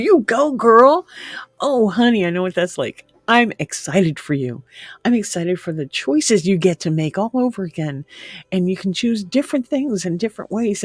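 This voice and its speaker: A woman hosts a livestream from a room at home with the window open, chatting casually with viewers and reading their comments, laughing often and sometimes dropping to a whisper. Her voice is deep and darkish, with no room sound.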